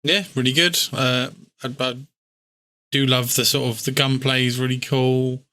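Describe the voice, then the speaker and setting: A man co-hosting a casual gaming podcast. He talks haltingly, with many fillers and restarts, and swears freely. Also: medium pitch, level tone, bright, forceful tone. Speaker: podcast co-host.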